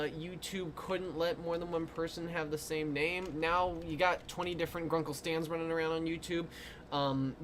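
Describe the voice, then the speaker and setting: This livestreaming artist talks in a mid-range voice with a fairly bright tone while taking drawing requests, and there's a little hiss or hum. Her rambling, filler-heavy chatter is playful and self-deprecating, frequently collapsing into giggles.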